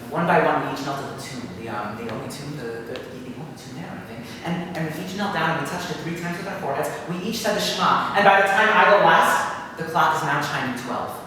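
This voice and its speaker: A man performs a comic monologue on a theater stage, casual and full of fillers, his pitch lively and animated. He is captured from afar in a roomy hall with a long echo. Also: brisk, background noise. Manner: conversational, lots of fillers and self-interruptions. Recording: echoey live theater from far off.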